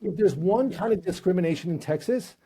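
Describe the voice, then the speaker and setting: Brief: male interview host, high and mellow voice, humorous storytelling. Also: fairly quick, husky. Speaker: podcast host. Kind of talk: casual interview chat.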